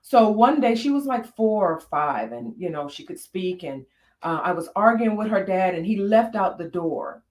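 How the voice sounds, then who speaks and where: A woman's voice: mid-range voice, big pitch swings, normal speed, darkish tone, reverberant. Reflective woman co-host sharing stories. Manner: reflective, storytelling with frequent fillers. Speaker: podcast co-host. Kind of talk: candid conversation on marriage.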